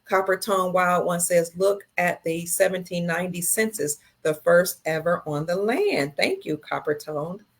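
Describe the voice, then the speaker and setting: A middle-aged woman with a low voice hosts a casual livestream. She reads viewer comments aloud one by one and answers each in a slow, tender way. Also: lively intonation.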